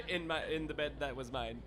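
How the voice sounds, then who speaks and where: Hoarse, slightly high-voiced man, laid-back podcast guest, group chatter behind. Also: normal speed. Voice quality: hoarse, raspy. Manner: laid-back, joking, self-deprecating. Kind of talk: casual chat.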